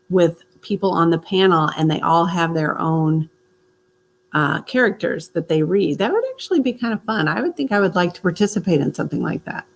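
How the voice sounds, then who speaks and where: Easygoing woman with a gravelly voice. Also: on the low side. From Missouri. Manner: laughs often, easygoing. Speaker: host. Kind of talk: casual chat on a group stream.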